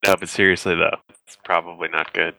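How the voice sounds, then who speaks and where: A man's voice: deep voice, level tone, fairly quick, creaky, bright, forceful tone, dry recording, low-quality recording. A man playing in a tabletop game with dry, sarcastic remarks. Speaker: player.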